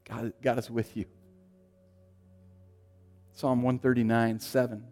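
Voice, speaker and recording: A man preaching a sermon, swinging from loud, emphatic lines to hushed, quiet ones. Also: mid-range voice, little pitch movement, slow pace, soft background music. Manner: dynamic, shifting from loud to hushed. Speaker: pastor.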